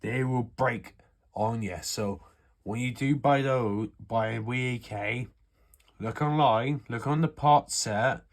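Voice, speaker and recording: Here the voice is medium-pitched and slow: a UK airsoft hobbyist chatting through a gun repair in an offhand, rambling way, swearing as he goes.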